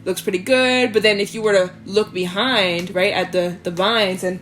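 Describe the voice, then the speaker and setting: A woman reads tarot cards for her viewers in a loose, chatty way, with her pitch sitting mid-range for a woman. Soft music plays faintly underneath her voice. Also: normal speed. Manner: chatty, fillers like "y'all", laughs often. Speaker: tarot reader. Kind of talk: casual tarot reading to camera. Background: soft background music.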